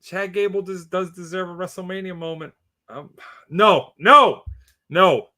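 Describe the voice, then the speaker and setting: A man co-hosting a casual podcast of wrestling predictions, talking in an animated way with theatrical reveals. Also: sits high, normal speed. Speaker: podcast co-host.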